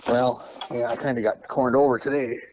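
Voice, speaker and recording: Hurried tradesman calling in by phone. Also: mid-range voice, little pitch movement, noisy background. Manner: plain-spoken and hurried. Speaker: caller, heating tradesman. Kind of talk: casual phone chat. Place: at a job site, working.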